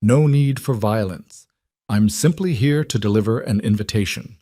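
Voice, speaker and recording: A man's voice: fairly low pitch, moderate pace, no echo, studio quality, lightly acted. Man putting on a burly Russian thug. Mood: coldly polite. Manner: calm, coldly polite threats. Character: menacing burly Russian male enforcer.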